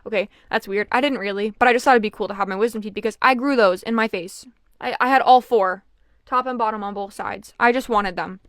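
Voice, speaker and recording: Young woman yapping through a storytime, animated and full of "like"s, clean smooth voice, dry sound. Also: medium pitch, a little fast, no room sound. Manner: chatty, animated, filler-heavy storytelling. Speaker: vlogger. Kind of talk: casual storytime chat.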